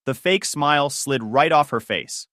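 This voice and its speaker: A man calmly narrating a first-person story in scripted narration. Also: fairly high pitch, a little slow, no room sound, studio quality.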